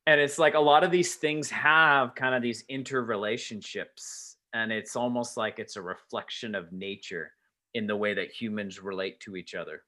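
Casual male podcast co-host: bright tone, loose and rambling, lots of fillers. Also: mid-range voice, steady tone, moderate pace. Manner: rambling, heavy use of filler words. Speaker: podcast co-host, former teacher. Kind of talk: casual conversation.

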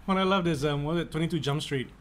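A man co-hosting a podcast in casual chat, talking quickly and laughing often. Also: a little high, slight background noise. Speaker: podcast co-host.

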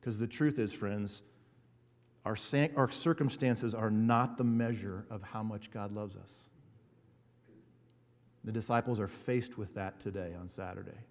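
A man's voice: lowish voice, steady tone. Earnest male pastor in a reverberant hall. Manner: earnest, slows down and builds in emphasis. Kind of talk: sermon.

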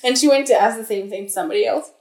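This podcast co-host, a young woman, chats through stories rapid-fire, her voice a little high and a little mellow. She uses lots of fillers and keeps restarting sentences. The recording has an echoey room sound.

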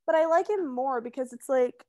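A woman's voice: high voice, a little fast, dark tone. A young woman in casual chat, talking in a chatty, insistent way full of fillers.

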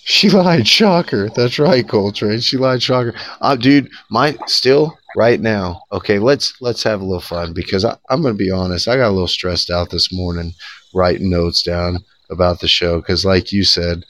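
A man with a low voice holds forth on a casual talk podcast. He rants with sarcasm and lots of swearing, and his pitch jumps up when he gets worked up. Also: normal speed. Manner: profane, sarcastic, animated ranting with laughs. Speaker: podcast co-host. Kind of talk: casual political podcast rant.

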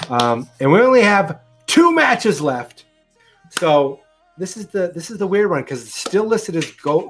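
A man co-hosting a live stream, chatting loosely with ums and restarts. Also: a little high. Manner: rambling, full of ums and restarts. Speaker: co-host of a live wrestling show. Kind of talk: casual chat.

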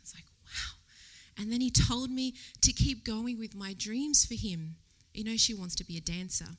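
A woman speaks to a church congregation in a casual sermon, with a bright, ringing tone. She talks in a chatty, animated way, laughs often and lowers her voice to a whisper when she quotes her own thoughts. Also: normal speed. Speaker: lay preacher. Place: church service before a congregation.

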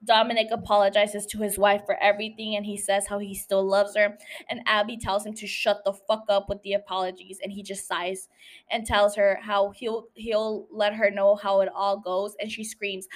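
A woman's voice: medium pitch, level tone, moderate pace. Woman podcaster doing a casual episode recap, swears a lot, laughs easy. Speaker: podcast host.

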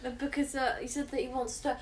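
A woman co-hosting a casual chat, chatty and quick to laugh, jumping in with her own comments. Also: high-pitched, steady tone, far from the mic, slight background noise. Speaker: podcast co-host. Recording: echoey room, set back from the mic.

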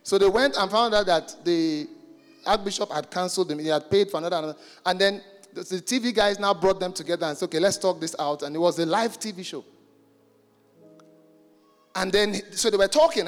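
A man from Nigeria preaching a sermon, animated and joking, shouting some points and stretching words. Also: sits high, fairly quick, in a large hall, faint music behind.

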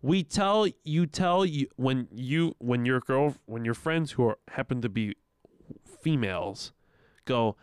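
A man's voice: mid-range voice, a little slow, clean tone, no room sound. A young man co-hosting a podcast, telling stories in a casual chat, acting out voices and swearing often. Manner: animated storytelling, acts out quoted voices, swears a lot. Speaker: podcast co-host.

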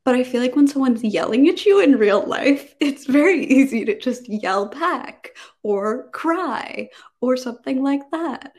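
A talkative young woman with a fairly high voice, co-hosting a relaxed podcast. She rambles a little, stacking fillers as she works through her thoughts. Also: a little slow. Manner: chatty, many fillers, reads passages aloud. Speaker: podcast co-host. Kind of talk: casual podcast chat.

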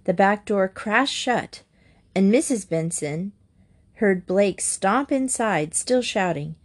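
A woman narrating a children's chapter book aloud in a gentle, steady manner. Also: mid-range voice, slow. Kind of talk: storybook reading aloud.

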